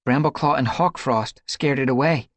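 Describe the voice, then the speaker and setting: A man voicing a frightened young female apprentice cat in an audiobook, with high, breathless cries. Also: moderate pace, fairly bright tone, dry recording.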